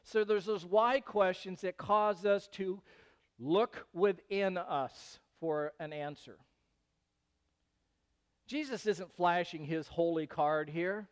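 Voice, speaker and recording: A male pastor preaching a sermon in an animated way, rising into loud, emphatic bursts. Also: sits high, takes it slowly, clear, resonant tone.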